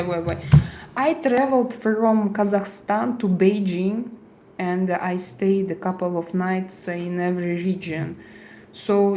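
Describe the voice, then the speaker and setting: A woman's voice: mid-range voice, warm tone, a little hiss or hum. A woman with a Russian accent hosting a casual livestream, answering her chat bluntly and restarting her words as she goes. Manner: blunt, halting, repeats words while reading chat aloud. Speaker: livestream host reading chat.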